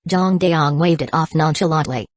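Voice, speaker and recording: A woman narrating an audiobook in a steady, even reading voice. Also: deep voice, moderate pace, no echo. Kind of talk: scripted narration.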